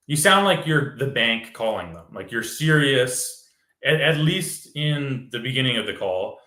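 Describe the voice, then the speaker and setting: A man's voice: medium pitch, pushed and bright, echoey room. A man, a real estate wholesaler, explaining step by step in casual chat and acting out sample phone calls.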